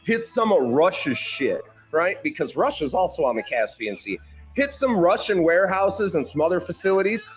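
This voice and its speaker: A man with a high voice that swings up and down. He delivers a profane, animated political rant and keeps slipping into mocking voices for the leaders he quotes. Faint music plays behind him. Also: normal speed. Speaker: panel host.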